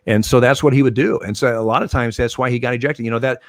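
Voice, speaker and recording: An older man, a retired umpire, telling stories in a relaxed interview, with many fillers and restarts. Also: medium pitch, very fast, few pauses, no room sound. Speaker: retired baseball umpire, guest. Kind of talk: casual interview storytelling.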